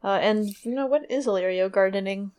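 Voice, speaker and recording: Mid-pitched woman, chatty podcast co-host, filler-heavy recap. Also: a little fast, darkish tone, clear, resonant tone. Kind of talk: casual chat, retelling a chapter.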